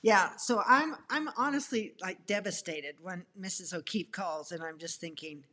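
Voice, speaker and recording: A middle-aged woman telling her love story in an animated, expressive way, acting out what she thought at the time. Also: on the low side, normal speed. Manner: expressive, laughing, acts out her own past thoughts.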